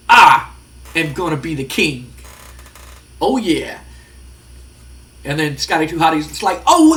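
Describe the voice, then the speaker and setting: A man narrating his wrestling management game, excitedly acting out the wrestlers' lines and reacting to results. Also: high voice. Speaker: gaming video host. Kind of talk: narrating a wrestling sim playthrough.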